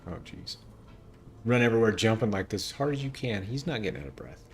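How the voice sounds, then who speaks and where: A man's voice: on the low side, very animated, quick pace, a little hiss or hum. A male game streamer giving chatty, playful commentary while he plays. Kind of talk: casual gameplay commentary.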